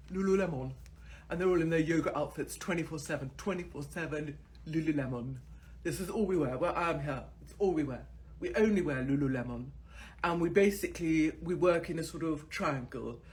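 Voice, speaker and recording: A woman's voice: low-pitched, a little hiss or hum. A woman in her forties hosting her own online show, talking in a crude, sardonic and mocking way and swearing freely. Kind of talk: casual ranting monologue to camera.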